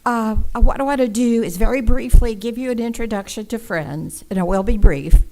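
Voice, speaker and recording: A woman volunteer for a nonprofit giving a prepared public presentation at a council meeting, measured, polite and organized. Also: on the high side, dark tone, rough recording.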